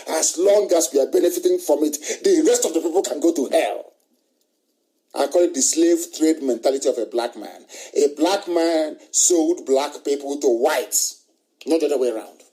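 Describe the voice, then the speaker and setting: On live radio, this middle-aged broadcaster from Nigeria hammers away at his argument through rhetorical question after question and bold statements. The voice runs fairly high and mellow, though the recording is low quality.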